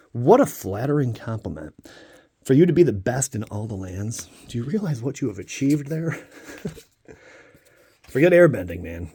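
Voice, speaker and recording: A playful man hosts a casual vlog while opening card packs, chatting directly to his viewers. His pitch swings widely from line to line and he keeps the tone loose and jokey. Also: lively intonation, measured pace, gravelly, mellow, breathy edge. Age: adult father of a young child.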